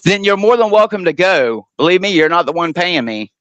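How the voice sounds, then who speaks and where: A man's voice: high voice, animated, brisk, fairly bright tone, dull audio. A man ranting and taunting others during a heated online panel argument, swearing often. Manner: profane. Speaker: panel guest.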